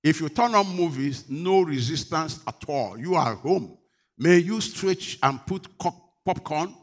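A middle-aged man from Nigeria preaching a sermon as pastor, animated and joking, teasing his congregation. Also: on the high side, measured pace.

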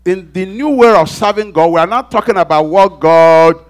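A man preaching a sermon, dramatically acting out quoted voices and swinging from loud exclamations to hushed asides. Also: high-pitched, moderate pace.

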